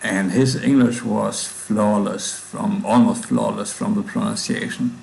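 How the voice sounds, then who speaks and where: A man's voice: on the low side, steady tone, a little slow, vocal fry, darkish tone, poor audio. A man with a German accent, casually thinking aloud while coding on a livestream, with hard consonants. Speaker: livestreaming programmer.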